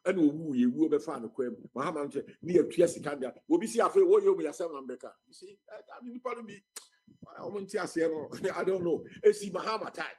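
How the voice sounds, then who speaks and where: A man's voice: on the high side, expressive, fast, a little mellow, breathy edge, rough recording. A man speaking passionately as a guest on a radio talk show. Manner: impassioned, mixing Twi and English.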